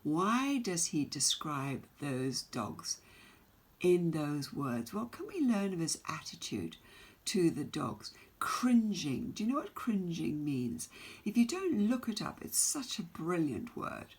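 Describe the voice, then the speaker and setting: A woman teacher giving a recorded poetry lesson, asking her students question after question in a measured way. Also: lowish voice, very animated, husky. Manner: slow, questioning, reads poem aloud with emphasis.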